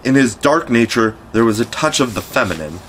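A man reading a classic children's novel aloud in a measured, expressive storytelling voice. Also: medium pitch, slight background noise, rough recording. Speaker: audiobook reader. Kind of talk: scripted narration.

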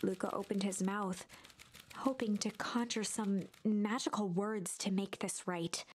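A woman giving calm, measured scripted narration for a storybook-style game. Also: mid-range voice, a little hiss or hum.

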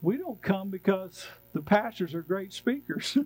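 A man's voice: high-pitched, lively intonation, a little slow, low-quality recording. A male pastor preaching a sermon in a church, driving his points home with repeated refrains.

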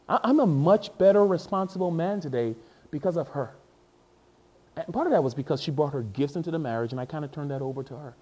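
A male pastor delivering a sermon into a stage mic, his pitch somewhat high for a man. He talks in an animated, joking way, repeats himself and jumps back into sentences when he gets excited. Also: breathy edge. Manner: animated, jokey, repeats words and restarts.

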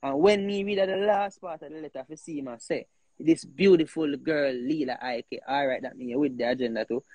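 Jamaican man, fired-up talk, fairly high voice, dry close sound. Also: fast talker, no echo, poor audio. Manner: animated, emphatic, repeats himself. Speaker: host. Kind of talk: heated casual talk.

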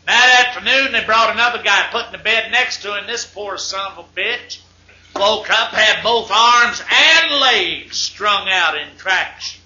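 A man tells jokes in a folksy, drawling way. His voice is very high and sharply bright. The sound is dull and hissy, taken from an old 8-track tape with a roomy echo. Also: a little slow. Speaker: comedian. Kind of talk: stand-up joke telling.

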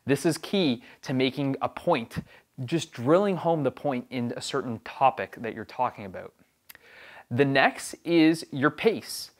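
A man's voice: medium pitch, expressive, measured pace. Upbeat man giving on-camera coaching tips. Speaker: video production host.

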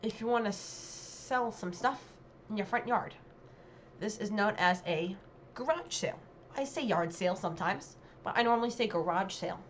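A woman's voice: medium pitch, moderate pace, slight background noise. Chatty, hesitant woman vlogger. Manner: chatty and hesitant, with many ums and self-corrections. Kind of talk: casual commentary on a dialect quiz.

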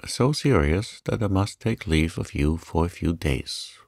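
A man's voice: deep voice, lively intonation, unhurried, gravelly, a little mellow, no echo, clean studio sound, full character voice. A man voicing a grave, urgent young prosecutor. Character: stern male prosecutor, urgent and secretive.

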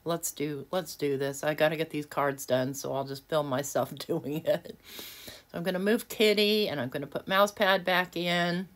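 A woman's voice: low voice, fairly even intonation, moderate pace. A woman hosting a casual crafting tutorial at her home desk, chatty and self-deprecating, often laughing at herself. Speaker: craft video host.

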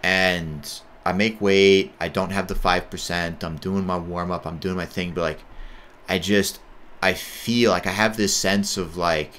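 Deep, bright-toned American man telling his story. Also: steady tone, a little slow, a little hiss or hum. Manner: candid, rambling, heavy use of "like" and "right?". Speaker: judo athlete sharing his experience. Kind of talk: casual storytelling monologue.

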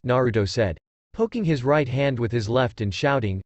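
A man narrating a fanfiction story aloud in a lively storytelling manner. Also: mid-range voice, normal speed, no echo, highs cut off.

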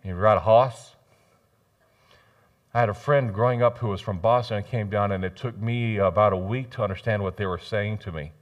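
Animated man preaching a sermon. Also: lowish voice, quick pace, hardly any pauses, dull audio. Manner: animated, jokey preaching with sudden loud rises and soft drops. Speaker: pastor. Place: church sanctuary.

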